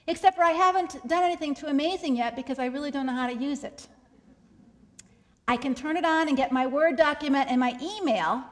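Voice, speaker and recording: A woman with a high, light voice gives a faith-based motivational keynote. She talks expressively and often slows and softens to land a point. She repeats her key phrases so they sink in. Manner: expressive, slows and drops to a soft voice for emphasis; repeats key phrases to drive them home. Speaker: keynote speaker.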